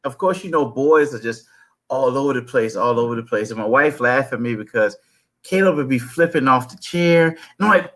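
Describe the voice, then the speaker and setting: A man's voice: mid-range voice, moderate pace, a bit bright. A man hosting an interview about fatherhood, laid-back, who chuckles often and tells stories about his son. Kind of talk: conversational interview.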